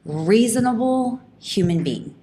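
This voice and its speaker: A woman hosting a podcast, telling a personal story in an animated, emphatic way, with quick restarts. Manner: animated, fast talking with frequent restarts; emphatic, rising pitch when indignant. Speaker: podcast host.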